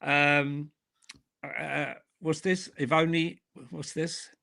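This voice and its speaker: A man's voice: on the high side, little pitch movement, very slow, creaky, bright, forceful tone. A man co-hosting a casual football talk show, upbeat and laughing a lot. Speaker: co-host. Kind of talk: casual banter.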